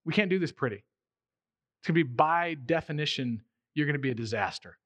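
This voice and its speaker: A man's voice: on the high side, expressive, normal speed, a bit bright, no room sound. A man in his thirties or forties preaching a sermon in a conversational way, acting out the quotes he tells. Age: 30s to 40s. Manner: conversational, acts out quotes in voices. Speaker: pastor.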